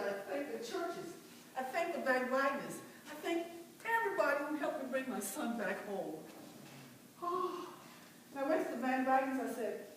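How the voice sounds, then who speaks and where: A woman's voice: high-pitched, slight background noise. A woman performing a first-person dramatic monologue as a devout, determined mother who was once enslaved, with impassioned cries of "oh" in a large church. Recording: very echoey church, mic far off.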